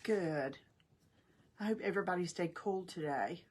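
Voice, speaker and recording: A woman's voice: lowish voice, normal speed, a little mellow, breathy edge. An older woman, chatting folksily with viewers on a crafting live stream as host. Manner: chatty, folksy, talks to viewers while working.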